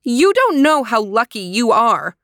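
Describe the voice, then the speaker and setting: A woman doing a high, defiant young princess. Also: big pitch swings, measured pace, a bit bright, dry recording, clean studio sound, full character voice. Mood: weary.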